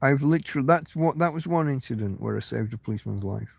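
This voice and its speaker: A man's voice: mid-range voice, lively intonation, fast talker, creaky, husky, dry recording. Middle-aged guy from england rambling through a story, lots of swearing and restarts, dry close sound. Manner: rambling, emotional, swears a lot, many restarts. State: tearing up. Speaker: vlogger. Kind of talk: casual storytelling monologue.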